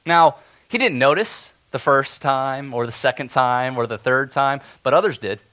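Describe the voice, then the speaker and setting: A steadfast, defiant elder tells his own tale , as a man performs him in a dramatic monologue. He speaks earnestly, rising to ringing declarations and sinking to hushed, tense lows. His voice sits at an ordinary male pitch. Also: moderate pace. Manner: earnest, stirring, swings between loud declarations and hushed tension. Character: steadfast, defiant elder of the king's gate, in first person. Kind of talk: dramatic first-person biblical monologue.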